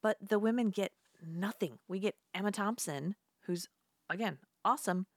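A woman co-hosting a casual chat, blunt and animated, swearing freely. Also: medium pitch, normal speed, no room sound, clean studio sound. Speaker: podcast co-host.

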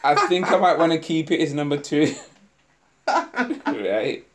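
A man's voice: fairly high pitch, animated, measured pace. A man co-hosting a casual podcast, telling rambling stories with frequent laughter and swearing. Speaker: podcast co-host. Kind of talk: casual banter.

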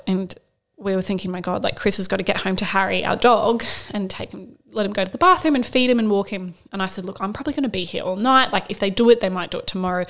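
Young woman, podcast co-host, candid and chatty, filler-heavy storytelling, mid-range pitch. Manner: candid, rambling, many fillers and "like". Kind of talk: casual storytelling chat.

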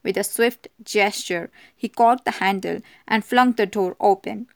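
A woman narrates a mystery novel aloud at a steady, measured pace. Her voice sits at a middle pitch, and she reads each line evenly. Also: vocal fry. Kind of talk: audiobook reading.

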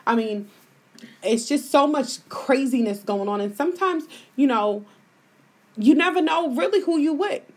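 A woman's voice: high-pitched, expressive, a little slow. A woman hosting a live podcast, venting her opinions bluntly and with a lot of profanity. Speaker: podcast host.

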